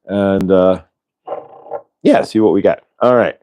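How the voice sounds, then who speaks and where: Low-pitched male host, loose casual delivery, restarts often, sighs between breaths. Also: normal speed. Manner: rambling, relaxed, with many fillers and restarts; sighs audibly between instructions. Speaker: host leading a breathing exercise. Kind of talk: casual spoken guidance.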